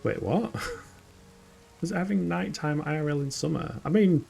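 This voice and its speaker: This man's voice sits a little high, gravelly and warm, and he talks at a measured pace, with a little hiss or hum in the audio. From the UK with a northern English accent, he's streaming a game, chatting casually, laughing at himself, and laughing often.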